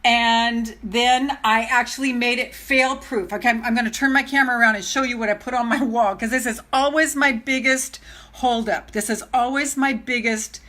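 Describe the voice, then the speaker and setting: Speaking to her phone camera at home, an older self-love coach chats live with her followers, gushing and greeting each new viewer. She has a fairly high, pushed, bright voice, a steady tone, and a moderate pace.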